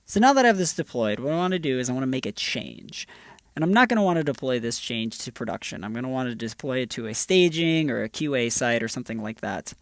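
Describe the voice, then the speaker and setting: Talking fast and very animatedly with some vocal fry, a developer advocate of medium pitch runs through a screencast tutorial step by step, upbeat and casual. Clean studio audio, no echo.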